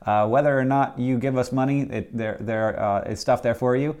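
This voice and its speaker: A man's voice: mid-range voice, steady tone, normal speed, a little mellow, clean tone. A man co-hosting a podcast, chatting casually with a playful, rambling manner, full of fillers and restarts. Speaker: podcast co-host. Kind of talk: casual chat and host-read ads.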